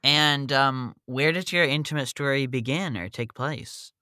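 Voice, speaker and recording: A man hosting a casual podcast interview, asking relaxed questions. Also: mid-range voice, measured pace, no room sound, clean studio sound. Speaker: podcast host.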